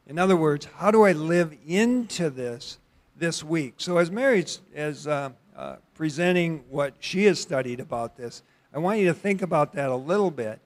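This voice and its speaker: A middle-aged man leading an interactive church Bible study, talking conversationally with questions to the congregation and halting restarts. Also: a little high, animated.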